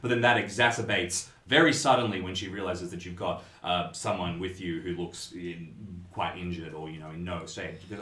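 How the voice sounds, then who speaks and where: A man with a low, bright voice narrates a tabletop horror game as game master. He describes scenes in a relaxed, rambling way full of fillers. The sound carries a roomy echo. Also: brisk, few pauses.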